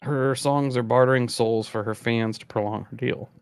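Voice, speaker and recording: Gravelly laid-back man co-hosting. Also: mid-range voice, fairly even intonation, normal speed, dry recording, clean studio sound. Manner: rambling, laid-back, trailing off often. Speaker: podcast co-host. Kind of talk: casual chat.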